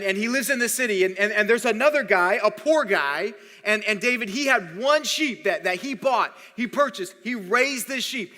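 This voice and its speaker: A man's voice: sits high, sharp tone, big-room sound. A man preaching a sermon as pastor, conversational and often repeating words while he thinks. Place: church hall.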